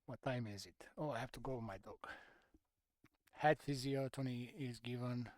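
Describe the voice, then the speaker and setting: A man's voice: medium pitch, moderate pace, no echo. A man streaming a game, chatting casually and half-muttering through menu choices in slightly non-native phrasing. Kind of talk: casual gameplay commentary.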